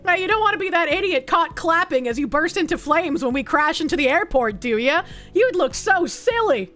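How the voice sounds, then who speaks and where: A woman's voice: extremely high pitch, animated, moderate pace, fairly bright tone, faint music behind. A young woman streamer reading an article aloud and reacting with blunt, sarcastic, swearing commentary.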